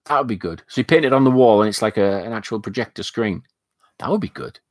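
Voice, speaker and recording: A man's voice: on the low side, expressive, fast, no room sound, studio quality. A man with a Northern English accent, mixing northwest and northeast, hosting a casual live stream and chatting with his viewers in a rambling way, full of fillers. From north of England. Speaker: live stream host reading chat.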